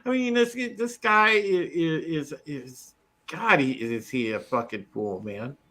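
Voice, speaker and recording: Male podcast host, bright forceful tone, blunt and mocking in casual chat. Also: fairly high pitch, expressive, slow. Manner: blunt, mocking, reads chat names aloud.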